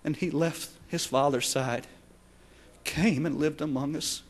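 Male preacher, slightly high voice, fervent sermon delivery, loud peaks and soft lows. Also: a little slow. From Texas. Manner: impassioned, swinging from shouting to hushed tones.

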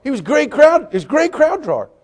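A man preaching a sermon, telling jokey stories with lively swings between loud punchlines and quiet, earnest appeals. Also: extremely high pitch, a little fast. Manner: animated, joking storytelling with sudden drops to quiet appeals.

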